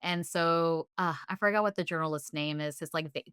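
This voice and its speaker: A woman's voice: low voice, fairly quick, fairly bright tone, clean tone, dry recording, clean studio sound. A woman co-hosting a podcast in casual chat, rambling with lots of fillers and frequent laughter. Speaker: podcast co-host.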